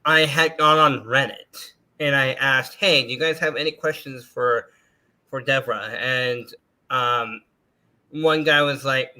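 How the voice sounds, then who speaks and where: A man's voice: mid-range voice, a little slow, bright, forceful tone, rough recording. A man hosting a casual podcast interview, chatty and loose, asking the guest questions. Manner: chatty, casual, swears, restarts. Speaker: podcast host.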